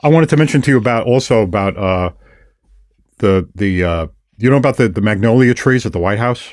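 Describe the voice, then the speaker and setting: An older man hosts a casual podcast, telling stories with animated retellings of the people he met. His voice sits low, and the recording is close and dry with no room sound. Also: a little fast, no room sound. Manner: storytelling, animated retelling of encounters. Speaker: podcast host. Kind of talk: casual conversation.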